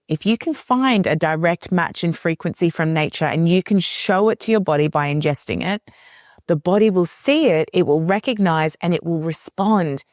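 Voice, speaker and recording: A woman talks as a podcast guest, earnest and unhurried in her explanations. Her voice sits a little low for a woman. It is recorded close and dry, with almost no room sound. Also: no room sound. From Australia. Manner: earnest, animated when retelling clients' words. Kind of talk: conversational explanation.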